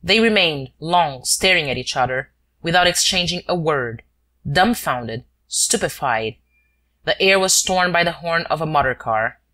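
Low-voiced woman narrating an audiobook. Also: animated, a little slow, a bit bright. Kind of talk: scripted narration.

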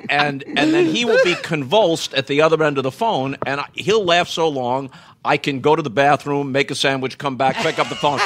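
A man guesting on a podcast, telling anecdotes in an animated storytelling manner. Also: fairly high pitch, normal speed, slight background noise.

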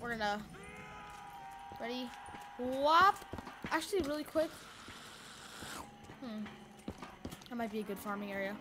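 A high-voiced woman rambling through casual let's-play commentary, excitable and full of "you know"s. The home recording has loud background noise running under her voice. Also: unhurried, pauses often. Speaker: gaming YouTuber.

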